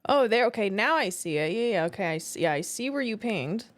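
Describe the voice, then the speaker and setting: A woman's voice: medium pitch, lively intonation, brisk. A woman streaming a roleplay game, chatting casually and breaking into laughter between remarks. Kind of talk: casual livestream chat.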